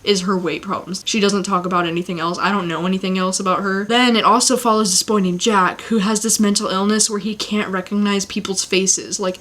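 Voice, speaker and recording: Young woman ranting about books, cusses a lot, exasperated, mid pitch. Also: fairly even intonation, brisk, hardly any pauses, fairly bright tone. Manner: blunt, swears a lot, exasperated. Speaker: book vlogger. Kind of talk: casual book review rant.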